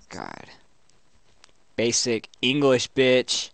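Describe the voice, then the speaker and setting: A man's voice: lowish voice, a little slow, fairly bright tone, clear, resonant tone, no echo. A man hosting a let's play, trading crude, profane jokes with a chatbot at his home computer and laughing often at his own insults. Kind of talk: crude joking commentary while typing to a chatbot.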